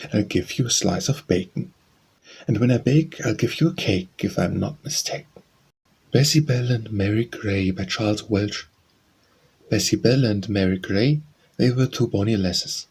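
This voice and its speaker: A man reading nursery rhymes aloud as an audiobook narrator, announcing each title and author before a measured sing-song recitation. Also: fairly low pitch, a little mellow, breathy edge.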